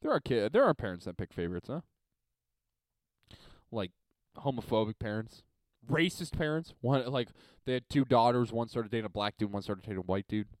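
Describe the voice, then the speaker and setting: A young man from Montreal hosting a podcast alone, ranting and swearing, swinging between loud and quiet. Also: medium pitch, animated, brisk, long pauses, dry recording. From Montreal, Canada. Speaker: podcast host. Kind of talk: solo podcast rant.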